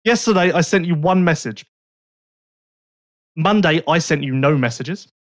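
A man's voice: fairly high pitch, animated, a little slow, dry recording. Man, podcast co-host, rambling, chatty, dry close sound. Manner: rambling, self-correcting, chatty. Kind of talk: casual podcast chat.

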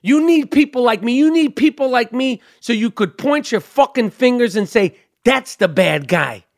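A man's voice: very high-pitched, animated, moderate pace, gravelly, no echo, studio quality, pitched above the performer's own voice, heavily acted. A man imitating a swaggering, defiant gangster boss in a mock Cuban accent, snarling and profane.

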